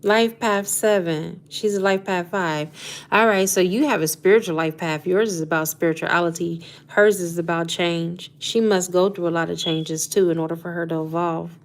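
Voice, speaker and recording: A woman's voice: on the low side, fairly even intonation, normal speed. Chatty woman hosting a spiritual live stream. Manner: chatty, laughs often, Southern Black American slang like "y'all" and "honey". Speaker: live stream host doing astrology readings. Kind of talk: casual live chat with viewers.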